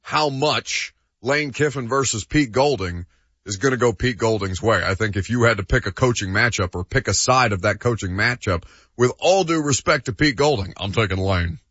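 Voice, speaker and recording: A man's voice: medium pitch, lively intonation, normal speed, a bit bright, slightly rough, dry recording, dull audio. A man co-hosting a sports talk show, giving opinionated takes in casual debate and laughing easily.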